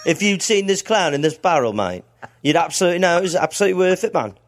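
A man voicing an excitable bloke who raves about a clown he once saw, laughing through his words and calling everyone mate. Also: high-pitched, quick pace. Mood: gushing. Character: excitable bloke, giddy eyewitness to a barrel clown.

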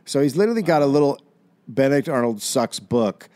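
A man's voice: mid-range voice, sing-song, fairly quick, a little mellow, no room sound. A middle-aged man co-hosting a comedy podcast, retelling history in a casual, profane, wry way. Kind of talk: casual storytelling.

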